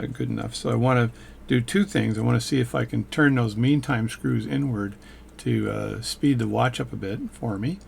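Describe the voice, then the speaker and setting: A man's voice: mid-range voice, vocal fry, slightly rough. A man hosting his own channel, giving a casual, rambling workshop tutorial and explaining each step hands-on, with a self-mocking humor. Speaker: watchmaker and channel host.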